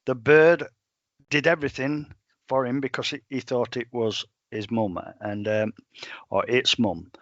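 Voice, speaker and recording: A middle-aged man, a dog trainer telling stories in a plain-spoken, animated way. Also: medium pitch, a little slow, dry recording, muffled recording. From England. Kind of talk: storytelling in a podcast interview.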